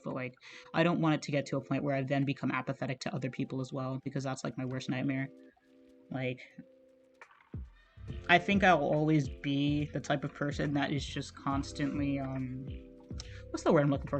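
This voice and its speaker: A man streaming while he draws, talking in a rambling, casual way, full of "like" and swearing. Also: fairly high pitch. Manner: rambling, heavy use of "like", frequent swearing. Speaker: art streamer.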